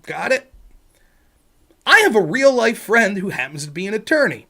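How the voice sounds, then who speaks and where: A man's voice: sits high, sing-song, normal speed, vocal fry, bright, forceful tone. A man hosting a livestream, ranting in a sarcastic, profane way. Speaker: streamer host.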